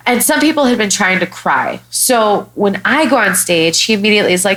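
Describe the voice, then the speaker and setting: Talking briskly with hardly any pauses, this young woman from Chicago keeps her mid-range voice going through a profane, blunt story. She's a stand-up comic hosting a podcast, and the low-quality audio captures her animated, casual storytelling.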